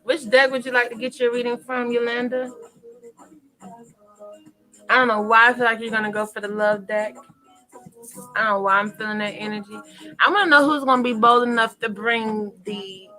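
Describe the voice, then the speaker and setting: A woman's voice: on the high side, steady tone, normal speed, pauses often, pushed and bright, faint music behind, poor audio. A woman hosting a live tarot reading stream, chatting casually and laughing often between readings.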